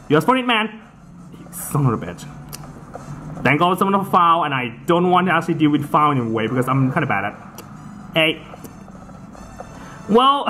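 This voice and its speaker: Excitable man groaning through a match. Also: fairly high pitch, a little hiss or hum. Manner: excitable, swears and groans at the game. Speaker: gameplay commentator. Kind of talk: casual let's-play commentary.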